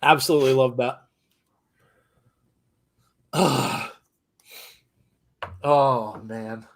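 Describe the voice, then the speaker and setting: A man co-hosting a live reaction commentary, excitable, laughing often and gushing with exclamations. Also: mid-range voice, very slow, creaky. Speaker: co-host of a wrestling watchalong.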